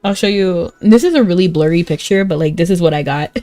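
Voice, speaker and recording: A woman's voice: fairly low pitch, brisk, warm tone, no room sound, faint music behind. A young woman chatting casually and rambling while playing and reading a game. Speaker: game streamer. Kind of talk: casual gameplay chat.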